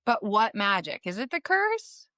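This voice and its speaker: A woman's voice: mid-range voice, sing-song, unhurried, bright, forceful tone, no room sound, studio quality. A woman co-hosting a book podcast, chatting casually and curiously, swearing now and then. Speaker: podcast co-host. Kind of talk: casual book discussion chat.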